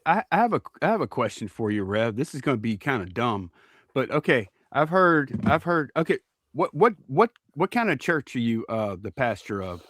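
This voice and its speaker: A man's voice: mid-range voice, very animated, fairly bright tone, dry recording. Man, podcast host, casual, stumbling restarts, dry close sound. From Southern Louisiana. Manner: halting, stumbles and repeats words.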